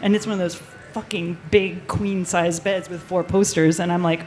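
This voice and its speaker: A woman telling a true spooky story live on stage, animated and swearing, laughing often. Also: on the low side, measured pace, soft background music.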